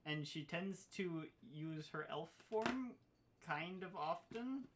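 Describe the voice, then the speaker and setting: A woman's voice: lowish voice, lively intonation, takes it slowly, noisy background. A woman narrating as game master of a tabletop role-playing game, often laughing as she describes events.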